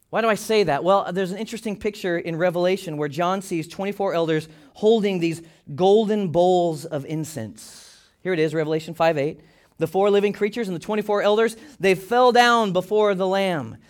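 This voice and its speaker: High-voiced animated pastor preaching. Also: male voice. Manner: animated, swings from loud excitement to hushed asides. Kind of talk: sermon.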